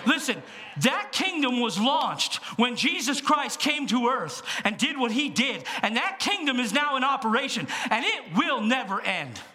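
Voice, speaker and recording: High, bright-voiced pastor preaching. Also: male voice, measured pace. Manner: animated storytelling, jumps between hushed asides and loud bursts. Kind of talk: sermon. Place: church.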